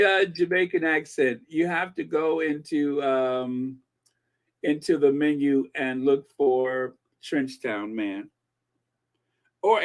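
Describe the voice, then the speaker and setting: A man hosting a commentary channel in casual chat, laughing and repeating himself as he rambles. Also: a little high. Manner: chatty, slow, laughs between words, repeats himself.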